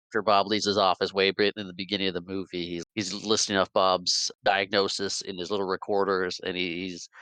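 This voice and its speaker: A man co-hosts a podcast and chats casually about a movie, often repeating words as he restarts his thoughts. His voice sits a bit low, smooth and resonant, with a bright edge. The sound is dry and close. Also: no echo. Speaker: podcast co-host. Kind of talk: casual movie recap chat.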